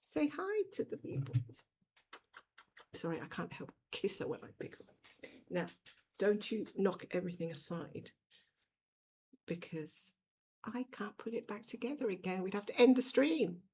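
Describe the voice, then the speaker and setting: A middle-aged woman chats bluntly while cross-stitching on a livestream from a room at home, fussing over her cat now and then. Her medium-pitched voice is a little mellow and moves at a normal speed with frequent pauses, with slight background noise.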